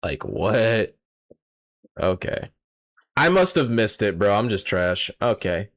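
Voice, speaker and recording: Here a young male streamer reacts to a manga chapter, swearing and exasperated as he talks casually to chat. His voice is on the low side, with big swings in pitch, and he takes his time.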